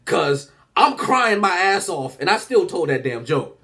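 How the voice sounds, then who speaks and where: A man, a comedian, telling a lively personal story and acting out the other people in it. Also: high voice, unhurried. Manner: animated, acts out voices, swears freely. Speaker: stand-up comedian. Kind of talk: storytelling stand-up.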